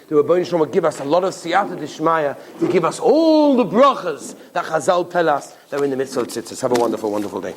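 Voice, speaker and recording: A man, a rabbi, giving a Torah class as an animated, emphatic storyteller who acts out the people in his stories. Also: on the high side, a little hiss or hum.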